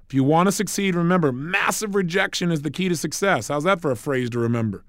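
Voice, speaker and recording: Middle-aged male motivational speaker, punchy and emphatic, animated pitch, dry recording. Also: quick pace, dry recording. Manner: emphatic, punchy coaching delivery.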